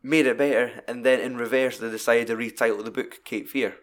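Scottish male podcast host, mid-pitched, sweary, animated film chat. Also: fairly quick. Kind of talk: casual film review chat.

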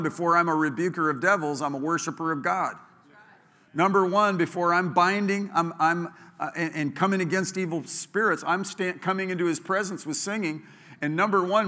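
A man in the pulpit preaches with emphatic, rising delivery, pushing the congregation to repeat after him. His voice is bright and somewhat high, ringing through a large church sanctuary with long reverb. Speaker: pastor. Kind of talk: sermon.

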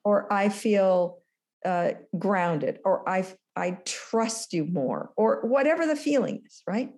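Mellow-voiced older woman telling stories. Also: mid-range voice, slow pace. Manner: animated storyteller, acts out dialogue. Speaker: guest, former business school lecturer. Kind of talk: storytelling in an interview.

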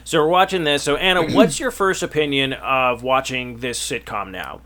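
A man's voice: mid-range voice, moderate pace, a bit bright. A man co-hosting a casual podcast, talking in rambling bursts with many restarts. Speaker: podcast co-host. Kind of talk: casual chat.

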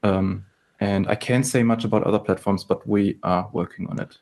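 A man being interviewed about his studio's game, speaking hesitantly with frequent pauses and filler sounds. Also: lowish voice, fairly even intonation, vocal fry, darkish tone. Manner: hesitant, many ums and restarts. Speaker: game developer guest. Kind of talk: casual interview chat.

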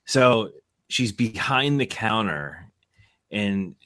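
A man co-hosting a podcast, telling a halting, repetitive story in casual chat about his daughter. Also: fairly low pitch, lively intonation, bright, forceful tone, dry recording. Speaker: podcast co-host.

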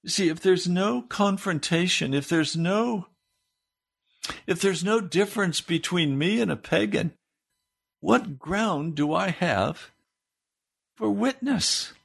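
A man preaching a sermon as pastor, swinging his pitch up into emphatic questions. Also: lively intonation, slow pace, vocal fry, pauses often, breathy edge.

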